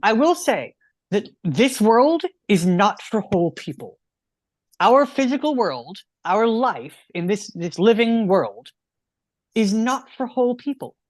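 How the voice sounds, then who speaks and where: A man's voice: high-pitched, very animated, unhurried, no room sound. A man in his thirties from the United States, a rabbi explaining ideas in an earnest, conversational way. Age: 30s. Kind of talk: teaching in a casual chat.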